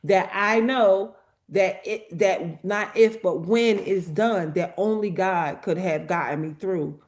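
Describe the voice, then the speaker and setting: A woman guest on a spiritual group call, speaking earnestly and haltingly, often repeating her words. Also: mid-range voice. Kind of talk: casual testimony on a group call.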